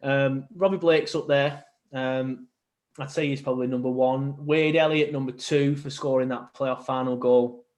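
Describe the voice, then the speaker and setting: A man's voice: mid-range voice, steady tone, moderate pace, darkish tone. Young man, casual podcast chat, rambling, lots of ums. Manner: chatty, rambling, with many ums and restarts. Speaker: podcast guest, football fan.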